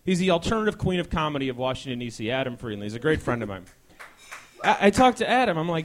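A man in his twenties hosting a live talk show on stage, rambling, self-mocking and excitable. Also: on the high side, fast talker. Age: 20s. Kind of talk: live stand-up style talk show chat. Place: ballroom stage before a live audience.

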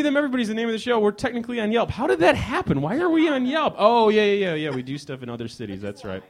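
A man from Chicago doing a rambling stand-up set in a hostel lounge, teasing the audience and often restarting his sentences. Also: high voice. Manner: rambling, teasing the crowd, frequent self-interrupting restarts. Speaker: comedian performing for a small live audience. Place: hostel lounge, leaning on a leather couch.

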